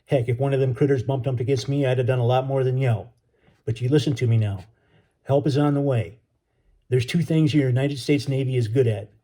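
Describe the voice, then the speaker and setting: A folksy, gruff Marine, read by a man in a storybook, talking in easy slang to calm a frightened boy. The tone is mellow and warm. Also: mid-range voice, brisk, natural voice. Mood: reassuring. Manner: folksy, reassuring, drawling slang.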